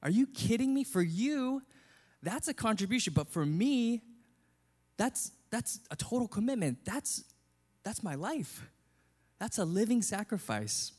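A man doing a high, indignant pig. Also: sing-song, measured pace, a little mellow, exaggerated voice. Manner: incredulous, protesting. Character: indignant pig, male, exasperated.

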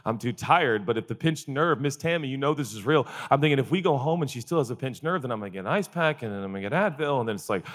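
A man's voice: expressive, fast talker, few pauses, in a large hall. A man in his forties, a pastor giving a sermon, who mixes comic storytelling and acted-out quotes with earnest questions. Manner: comic storytelling, acts out groans and quotes in a high voice.

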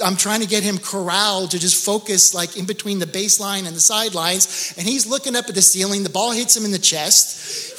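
Animated, bright-voiced male pastor. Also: high-pitched. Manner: animated storytelling with laughs and exclamations. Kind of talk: sermon.

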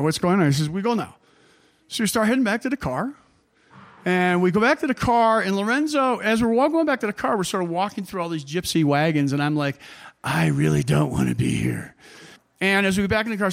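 High-voiced man telling a rambling travel tale. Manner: animated storyteller, chuckling often; loose, rambling phrasing with many fillers. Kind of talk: personal travel anecdote.

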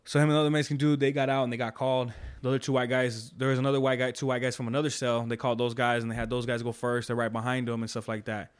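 A man's voice: medium pitch, level tone, rapid-fire, few pauses, smooth. A man telling stories in casual podcast chat, slangy and profane, rambling with restarts.

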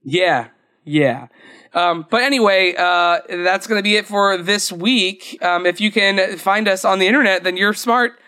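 Young male podcast co-host, high-pitched, casual and rambly. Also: a little slow, bright, forceful tone. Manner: chatty, rambling, laughs often. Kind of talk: casual chat.

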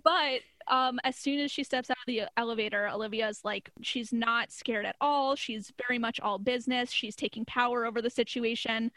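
A young woman talks through a TV episode in casual podcast chat, leaning on "like" and breaking into laughs. Her voice sits a little high. The sound is dry and close, with no room echo. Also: steady tone, normal speed, few pauses, pushed and bright. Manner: chatty, many "like" fillers, laughs often. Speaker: podcast co-host.

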